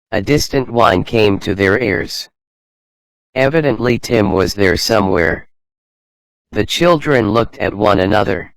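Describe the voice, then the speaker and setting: A man narrating a children's adventure storybook in a slow, even reading manner. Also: on the low side, creaky, dry recording, rough recording.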